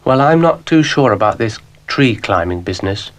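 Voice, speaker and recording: A man's voice: lowish voice, animated, normal speed, close to an everyday voice. Man voicing earnest young girl, prim, lightly acted.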